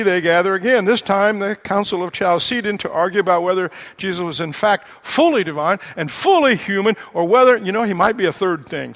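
Gravelly pastor preaching with wry humor. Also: male voice, high voice, a bit bright. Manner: conversational, wry humorous asides. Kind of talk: sermon.

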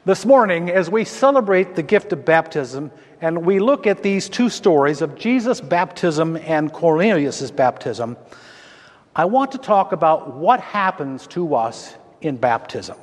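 A man preaching a sermon as a Lutheran pastor, slow and emphatic, speaking to his congregation in a church. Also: fairly high pitch, very animated. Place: church sanctuary. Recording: long church reverb.

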